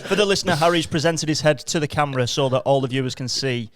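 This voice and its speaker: A man's voice: on the high side, fast talker. A man co-hosting a podcast, chatting casually and acting out the people in his stories. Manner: storytelling, acts out the people he quotes. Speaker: podcast co-host. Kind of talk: casual chat, anecdotes.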